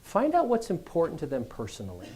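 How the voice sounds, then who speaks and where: A middle-aged man giving a business school address, telling stories in a conversational, animated way. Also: on the high side, fast talker. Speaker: guest speaker.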